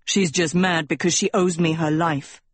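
A woman's voice: sits low, measured pace, darkish tone, no echo. A woman voicing a cocky young prince. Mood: smug. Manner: smug and teasing. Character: cocky teenage prince, arrogant swordsman.

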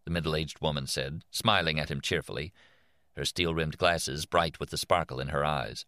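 Low-voiced man reading an audiobook. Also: dry recording, clean studio sound. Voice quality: measured, expressive reading. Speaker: narrator. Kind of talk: audiobook narration.

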